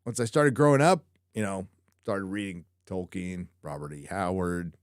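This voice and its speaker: Low-voiced and talking at normal speed, a live show host rambles casually through viewer questions, swearing and joking a lot. The sound is clean studio quality with no room sound.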